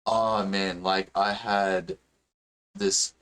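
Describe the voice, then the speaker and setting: Deep-voiced Australian man rambling. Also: level tone, very slow, fairly bright tone, a little hiss or hum. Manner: rambling, filler-heavy, swears freely. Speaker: podcast host and streamer. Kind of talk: casual chat.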